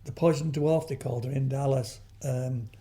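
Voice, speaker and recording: An older man chats as an interview guest, his voice mellow and warm. He wanders through anecdotes, restarting sentences and adding asides as he goes. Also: medium pitch, fairly even intonation, normal speed. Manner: rambling storyteller, frequent restarts and trailing asides. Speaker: guest, veteran comedian.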